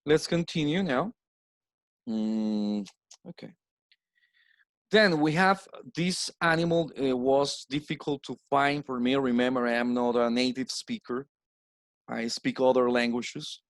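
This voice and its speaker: A Colombian man whose first language is Spanish, teaching English plurals in a slow recorded slide lesson and repeating each word for drill. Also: medium pitch, no echo. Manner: repeats words slowly with stressed drills.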